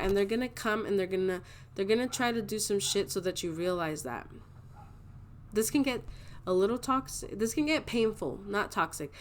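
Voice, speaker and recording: A young adult woman leads a casual pick-a-card tarot reading, animated and chatty, rambling along with frequent laughs and restarted sentences. Her mid-range voice keeps a moderate pace, with slight background noise behind it.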